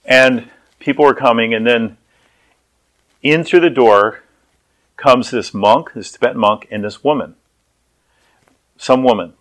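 A man's voice: mid-range voice, unhurried, pauses often, a bit bright. A man preaching a sermon, telling a story in a conversational way that often repeats and restarts words.

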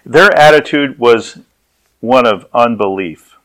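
A pastor preaches a sermon in a slow, medium-pitched, slightly bright voice, captured on a low-quality recording. He tells personal stories and acts out the voices of the people in them.

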